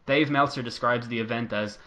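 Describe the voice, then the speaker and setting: A man's voice: medium pitch, brisk. A man co-hosting a podcast, narrating a made-up wrestling storyline in casual chat and acting out quotes. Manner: animated storytelling, acts out quotes in voices. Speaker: podcast co-host.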